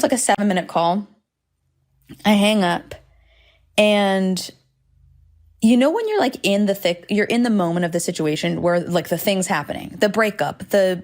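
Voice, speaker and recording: A woman hosting a solo podcast from home, talking candidly and rambling with frequent swearing and self-deprecating asides. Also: medium pitch. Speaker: podcast host. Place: home, indoors.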